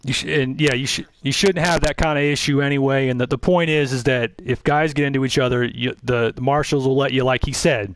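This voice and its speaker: A man running a pre-race drivers' briefing for an online racing league, relaxed and rambling, with frequent restarts. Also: medium pitch, a little fast, few pauses, no echo, low-quality recording. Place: online voice chat.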